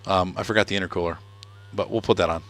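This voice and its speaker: A man's voice: low voice, steady tone, quick pace, fairly bright tone, a little hiss or hum. A middle-aged man and father casually commenting on a car-building video game, thinking aloud and chuckling. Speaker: let's play host, father.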